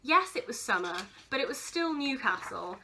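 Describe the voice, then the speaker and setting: Going through her keepsakes on a casual vlog, a young woman turns gushy, giggly, teary-eyed and sentimental. She speaks at a normal speed in a high, sing-song voice with a sharp edge.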